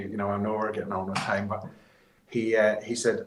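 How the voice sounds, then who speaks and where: A man, a rally competitor, guest in a casual interview, telling lively rambling anecdotes. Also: lowish voice, moderate pace, reverberant, low-quality recording.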